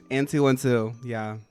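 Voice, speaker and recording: A streamer chatting casually while playing a game, rambling and full of filler words. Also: mid-range voice. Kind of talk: casual gameplay chat.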